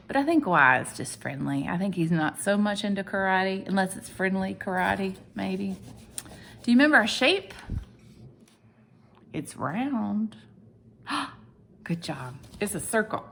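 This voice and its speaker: A woman teaching a video lesson for young children at home, animated and sing-song, with whispered asides. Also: medium pitch, measured pace, vocal fry, pauses often, a little hiss or hum. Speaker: preschool teacher.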